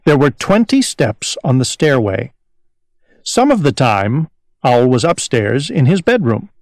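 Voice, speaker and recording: A man narrating a children's storybook in a slow, clear, expressive read-aloud manner. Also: medium pitch, no room sound. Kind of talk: storybook reading.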